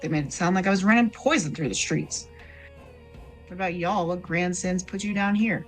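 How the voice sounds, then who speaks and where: A woman voicing a weary, streetwise male smuggler who talks in a folksy drawl with rough slang, in tabletop role-play. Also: on the low side, normal speed, soft background music, close to an everyday voice. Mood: wry.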